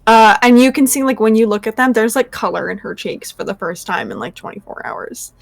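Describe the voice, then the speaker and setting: A woman's voice: fairly high pitch, sing-song, fairly quick, vocal fry. A woman player in a tabletop game, talking casually with lots of hesitations and the odd swear. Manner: chatty, hesitant, full of fillers, swears casually.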